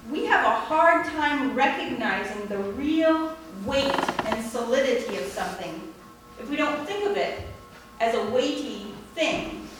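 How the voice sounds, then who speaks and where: A woman priest delivers a sermon in a measured, gently wry way. Her voice sits high, and it carries from some distance through a very echoey church, with a faint hiss behind it. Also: animated, music in the background.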